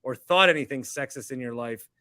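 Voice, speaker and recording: A man's voice: mid-range voice, fairly quick, bright, forceful tone, smooth, no room sound, clean studio sound. A man hosting a casual call-in show, joking and teasing his callers. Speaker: show host.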